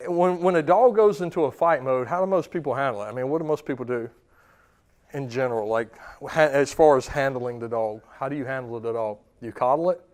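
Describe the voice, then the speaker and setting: A man's voice: mid-range voice, brisk, darkish tone. A man in his thirties, a dog trainer giving a seminar to clients, talking casually with lots of fillers and questions to the audience. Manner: casual, quizzes the audience, many fillers and restarts.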